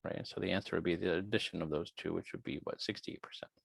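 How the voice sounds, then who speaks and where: A low-pitched man with a gravelly edge to his voice, giving an online biology lecture. He is chatty and thinks aloud as he works through quiz questions. The sound is dry and close to the microphone. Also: steady tone, fast, no echo.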